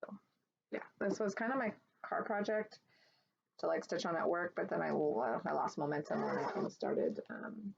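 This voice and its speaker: A woman with a lowish, gravelly voice chats casually at home, rambling through fillers and restarts as she shows her work. The recording is dull and lo-fi, with a faint hiss of background noise. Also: moderate pace. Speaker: cross-stitch vlogger. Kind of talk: casual show-and-tell chat.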